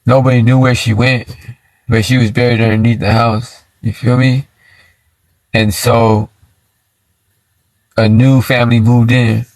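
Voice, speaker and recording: A man on a casual livestream from inside his car, spinning a story in relaxed street slang and checking in with "you feel me." His voice sits in an ordinary middle register. The sound is dry and close, with no room echo. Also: medium pitch. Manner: slangy and laid-back, lots of "you feel me".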